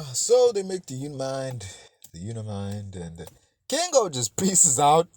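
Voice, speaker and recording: A man's voice: mid-range voice, wildly swooping pitch, measured pace, a little mellow. A man hosting a podcast, giving a casual, rambling film review full of swearing and fillers. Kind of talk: casual movie review monologue.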